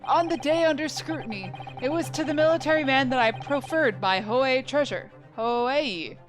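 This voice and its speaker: A woman's voice: high voice, moderate pace, close to an everyday voice. A woman reading out a pompous old shopkeeper. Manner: pompous, old-fashioned phrasing. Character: eccentric old male antique-shop witness. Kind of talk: reading game dialogue aloud. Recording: game music in the background.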